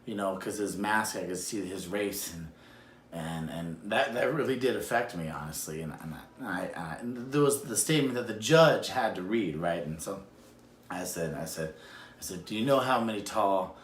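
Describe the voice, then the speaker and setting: Animated man telling a true story. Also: moderate pace. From Madison, Wisconsin area. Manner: animated, acts out quotes with big pitch jumps. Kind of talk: personal story told on video. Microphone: self-recorded video. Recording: echoey room with faint noise.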